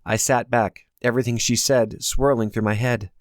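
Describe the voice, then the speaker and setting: A man's voice: medium pitch, steady tone, moderate pace, no room sound, clean studio sound. A man reading his own novel aloud as a first-person audiobook, in a plain, earnest storytelling manner.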